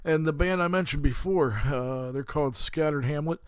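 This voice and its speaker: A man's voice: on the high side, normal speed, clear, resonant tone, no echo. Rambling laid-back male podcast host. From western Pennsylvania. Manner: rambling, many "uh" fillers, calls listeners "cats". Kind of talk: casual chat.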